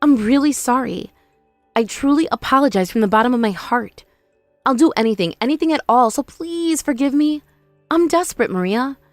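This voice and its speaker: A woman's voice: sits high, expressive, moderate pace, dry recording, faint music behind. A woman voicing a remorseful young sister-in-law who pleads and whines for forgiveness. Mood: pleading. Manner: pleading, whiny, self-pitying.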